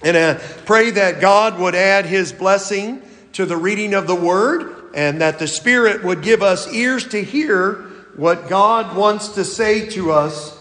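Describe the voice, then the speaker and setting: A male pastor preaching a sermon in a church, reading scripture slowly and deliberately. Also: high voice, fairly bright tone, roomy sound, big-room sound.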